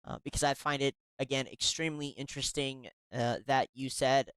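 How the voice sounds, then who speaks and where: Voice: mid-range voice, steady tone, normal speed, a bit bright, clean tone, no room sound. Sarcastic, indignant commentary host. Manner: sarcastic, indignant, with repeated restarts. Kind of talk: commentary reacting to read-aloud emails.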